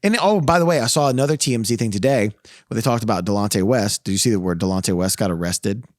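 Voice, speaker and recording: A man's voice: on the low side, fast, no echo, studio quality. A man co-hosting a podcast in casual chat, ranting heatedly and swearing a lot. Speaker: podcast co-host. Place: podcast studio.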